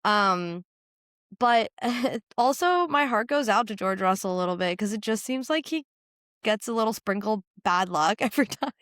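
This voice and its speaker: A woman's voice: medium pitch, expressive, moderate pace, a bit bright, dry recording. Woman, podcast co-host, from the United States, casual chat, frank, laughs a lot, dry close sound. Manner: chatty, laughs often, frank.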